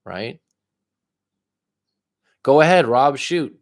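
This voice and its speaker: A man's voice: mid-range voice, expressive, very slow. A man giving live coaching advice in a blunt, profane way, pushing the listener with repeated questions. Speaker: life coach.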